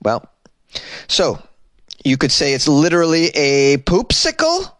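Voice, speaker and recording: A man does comic news commentary, reading headlines aloud and mocking them with sarcastic, wry asides and sudden incredulous pitch jumps. His voice swings hugely in pitch, runs a little slow, and has a fairly bright tone. The recording is dry.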